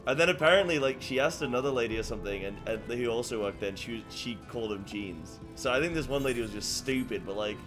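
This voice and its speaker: This is casual live-stream chat from a man playing a game, full of fillers, false starts, and rambling pauses. He speaks in a mid-range voice with music playing behind him.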